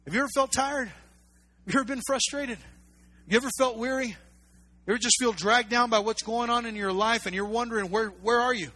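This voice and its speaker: A pastor preaching a sermon, emphatic and repetitive, full of rhetorical questions. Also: male voice, very high-pitched, brisk, sharp tone.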